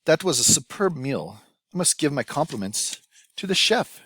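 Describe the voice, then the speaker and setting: A man voicing a dramatic, eccentric young woman secretary in a storybook reading, in a higher pitch than his own. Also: big pitch swings, normal speed, fairly bright tone, breathy edge, no room sound, full character voice. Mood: grand.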